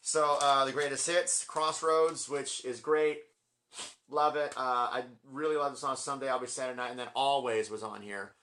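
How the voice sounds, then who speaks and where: A man's voice: mid-range voice, steady tone, normal speed, bright, forceful tone, a little hiss or hum. Gushing, rambling man in his forties. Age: 40s. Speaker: vlogger ranking his album collection. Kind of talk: casual collection vlog.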